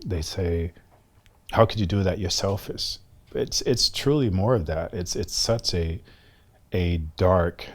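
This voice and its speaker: A middle-aged man from the United States, a guest telling a personal story in a halting, reflective way. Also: deep voice, darkish tone. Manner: halting, reflective, slows down often.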